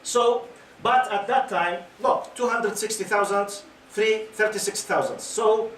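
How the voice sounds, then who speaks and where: A man's voice: sits high, a little slow, fairly bright tone, a little hiss or hum. A man in his fifties giving an Islamic lecture to a youth audience. He questions the listeners, waits for their answers and talks in loose, repeating phrases, often adding "okay?". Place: lecture hall with a live audience. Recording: echoey room picked up from a distance.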